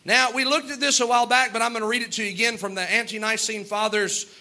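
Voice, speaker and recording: Bright-voiced man preaching a sermon. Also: very high-pitched, fairly even intonation. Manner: earnest preaching with quick asides and little laughs. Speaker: pastor.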